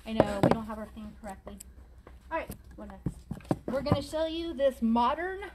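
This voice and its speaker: A woman with a high, bright-sitting voice hosts a live shopping stream from her vintage store. She chats her way through each item, calling out numbers and prices. Her voice is fraying as she loses it. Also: fairly even intonation, moderate pace, very noisy. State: losing her voice. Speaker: shop owner selling on a live stream. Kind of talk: live shopping sales pitch.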